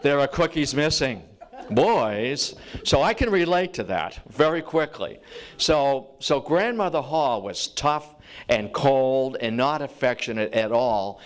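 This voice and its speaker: A lecturer with a mid-range voice tells a life story conversationally, restarting sentences, dropping many "you know" asides and acting out quoted voices.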